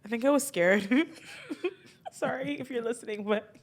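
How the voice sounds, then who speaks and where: A woman's voice: high-pitched, measured pace. A young woman co-hosting a podcast, talking casually and easily, often laughing and chiming in. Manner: relaxed, laughs and chimes in. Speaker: podcast co-host. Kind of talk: casual chat. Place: indoors, podcast recording.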